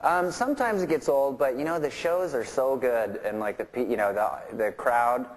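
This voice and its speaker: A man sits for an onstage interview and tells his stories loosely, circling back with fillers and restarts. His voice sits at an ordinary pitch for a man. A faint ambient hum of the room runs underneath. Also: moderate pace, low-quality recording. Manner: rambling, full of fillers and restarts, laughing through stories. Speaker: interview guest, rock musician. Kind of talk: casual storytelling interview.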